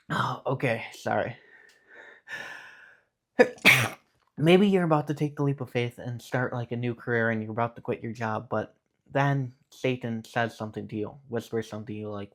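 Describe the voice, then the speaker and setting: A man's voice: medium pitch, moderate pace, pauses often. Earnest young man preaching to camera. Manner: earnest, preachy, says "okay" often. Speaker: Christian YouTuber. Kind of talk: casual faith talk to camera.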